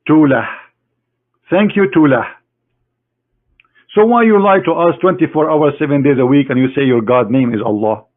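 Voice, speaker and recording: Mocking man on a tinny line. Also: fairly high pitch. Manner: mocking, combative, halting English. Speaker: online debater. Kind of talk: combative screen-share lecture. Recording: tinny phone-like online audio.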